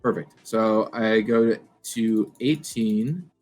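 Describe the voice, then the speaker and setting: A man's voice: on the low side, takes it slowly, faint music behind. A man at home playing a card game over a webcam call, easygoing and thinking aloud as he counts out his moves. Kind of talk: casual game-play chat. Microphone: webcam video call.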